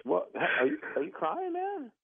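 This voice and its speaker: A man's voice: high-pitched, huge pitch swings, creaky, a loud crowd. Flustered man on a phone line. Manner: defensive, quick to get worked up, then apologetic. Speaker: prank call target. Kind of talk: phone call. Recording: tinny phone line, dry.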